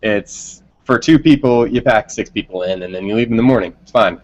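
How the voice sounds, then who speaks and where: A man's voice: fairly low pitch, fairly quick, poor audio. A man, a band member being interviewed, telling a long story in casual, rambling talk with frequent laughs.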